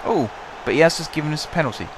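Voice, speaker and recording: A young man with a hoarse voice, chatting casually and calling the action play by play as he commentates his own football management game at home. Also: fairly high pitch, lively intonation, very fast, noisy background. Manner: chatty, wry, calls the match play by play. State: hoarse from shouting. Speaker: gaming channel host.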